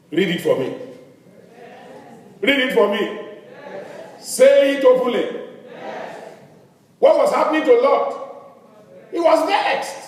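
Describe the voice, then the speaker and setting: High-voiced pastor preaching in echoey hall. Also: male voice. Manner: preaching with rhetorical questions to the congregation. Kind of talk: sermon. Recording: echoey hall, distant mic.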